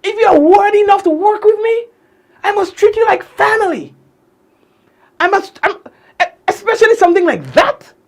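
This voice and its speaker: A man voicing an indignant restaurant owner who is fiercely proud of their cooking, speaking in a Grenadian accent and ranting in a high, loud, preachy way. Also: sing-song, moderate pace, long pauses, exaggerated voice.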